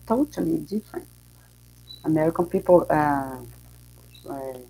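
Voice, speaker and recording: Low gravelly woman. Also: rough recording. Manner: searching for words, animated questioning. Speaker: participant asking a question. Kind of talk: live online language event.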